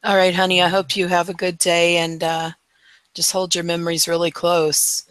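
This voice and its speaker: A woman's voice: lowish voice, monotone, moderate pace, clean tone, no echo. Woman cohosting a late chat show, affectionate and easygoing, dry close sound. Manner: warm, affectionate, casual. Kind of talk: late-night casual chat.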